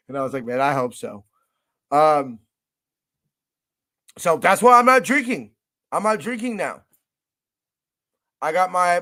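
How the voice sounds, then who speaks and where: This young podcast host, with a medium-pitched and slightly bright voice, runs a fan radio show. He delivers a casual monologue in a profane, emotional, hyped-up style.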